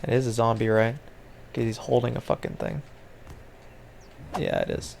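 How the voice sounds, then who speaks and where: A man's voice: medium pitch, wildly swooping pitch, moderate pace, vocal fry, darkish tone, slight background noise. A man giving casual gameplay commentary, rambling and sarcastic, swearing often. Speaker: gaming video creator.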